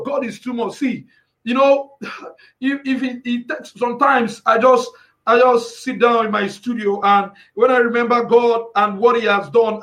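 A man in the music business giving an emotional personal testimony, near tears, who keeps repeating "you understand?" and breaks into shouted praise. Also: very high voice. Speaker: music industry professional.

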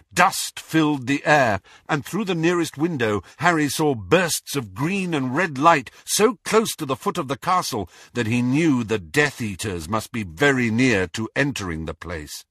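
A man narrating an audiobook chapter with expressive storytelling. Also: mid-range voice, measured pace, no room sound, studio quality. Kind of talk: scripted narration.

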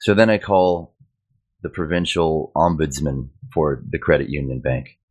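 A man's voice: a bass voice, a little slow, a little mellow. A Canadian man in his thirties telling a personal story in an agitated, exasperated way, mimicking the people he quotes. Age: 30s. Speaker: community hangout participant.

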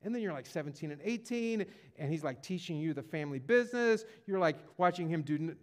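A man's voice: on the high side, lively intonation, fast. A man preaching a sermon in a conversational way, often repeating words and restarting, and rising with feeling as he speaks. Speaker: pastor.

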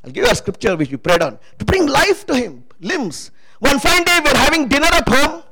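A man's voice: extremely high pitch, very animated, brisk, rough recording. A man preaching a sermon testimony, emphatic and calling out to the congregation for responses.

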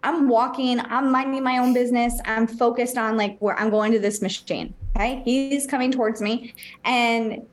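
A woman's voice: a little high, steady tone, moderate pace. Chatty woman telling stories, laughing. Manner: chatty, laughing storyteller who swears casually. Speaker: podcast co-host. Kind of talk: casual chat, storytelling.

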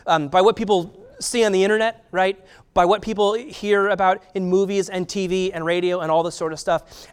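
High-voiced pastor preaching conversationally. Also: male voice. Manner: conversational preaching with filler ums and rhetorical "right?". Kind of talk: sermon.

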